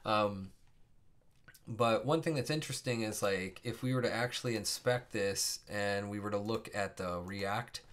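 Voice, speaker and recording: Low-voiced man teaching code, thinking aloud. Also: measured pace, fairly bright tone. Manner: thinking aloud, many fillers and self-corrections. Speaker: programming instructor. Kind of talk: casual screencast coding tutorial.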